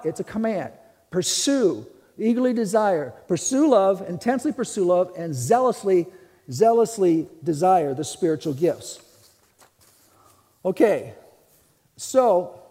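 A man's voice: sits high, warm tone, long reverb tail. A man preaching a teaching sermon, emphatic, repeating and restarting phrases as he explains. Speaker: pastor.

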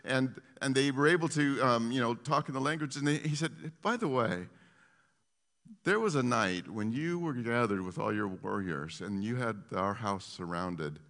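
Bright-voiced man teaching in a hall. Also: medium pitch, normal speed. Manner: animated, laughing, lots of fillers and restarts. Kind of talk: casual Bible teaching.

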